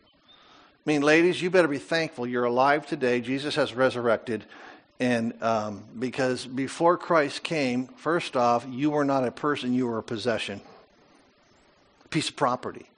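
An older man preaching a sermon, animated, with rhetorical questions and asides to the congregation. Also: medium pitch, moderate pace. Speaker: pastor.

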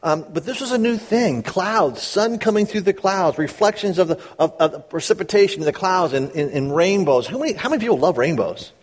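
A middle-aged man preaching a sermon, reading scripture slowly and then explaining it in quick, casual asides. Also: high-pitched, animated. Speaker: pastor.

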